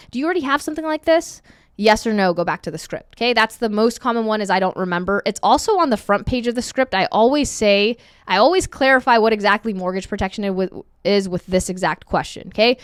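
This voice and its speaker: A woman's voice: mid-range voice, clean tone, dry recording. Woman teaching cold call comebacks on a screen share, chatty, dry close mic sound. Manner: upbeat and conversational, acts out sample calls. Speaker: sales trainer. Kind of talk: screen-share training session.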